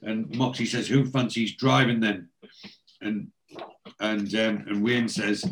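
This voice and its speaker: A man's voice: lowish voice, little pitch movement, slow, noisy background. Chatty man recapping TV scenes. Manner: recaps scenes by quoting characters in a chatty storytelling way. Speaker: podcast host. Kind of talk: casual chat, retelling TV scenes.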